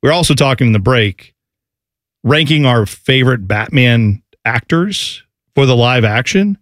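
A man chatting casually on a podcast, telling rambling, animated stories. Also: medium pitch, unhurried, dry recording, studio quality. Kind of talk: casual chat.

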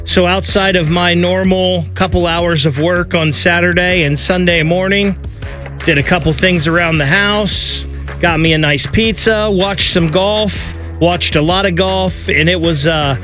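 A dry, laid-back man co-hosts sports talk radio. His voice is a touch high and very bright and forceful, with a soft music bed behind. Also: steady tone, measured pace. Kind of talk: casual radio chat.

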